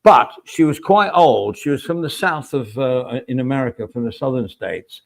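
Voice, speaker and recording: Gravelly man in rambling casual chat. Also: medium pitch, expressive, moderate pace. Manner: rambling, chatty, swears casually. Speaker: podcast co-host.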